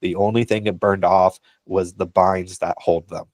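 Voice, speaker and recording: A man with a deep voice that stays low and level speaks in a casual podcast discussion. He sounds encouraging and pastoral, peppering his thoughts with ums, and the recording is dry with no room sound. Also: little pitch movement, moderate pace, no echo. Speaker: podcast co-host.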